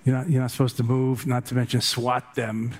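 A man's voice: mid-range voice, completely flat delivery, fairly quick, darkish tone. Older man telling humorous rambling stories. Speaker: meditation teacher. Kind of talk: dharma talk.

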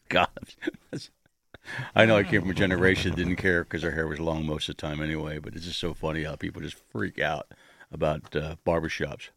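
A man's voice: a bass voice, fairly even intonation, moderate pace, vocal fry, a bit bright. A man co-hosting a radio show, joking and sarcastic in casual banter, often talking over the others.

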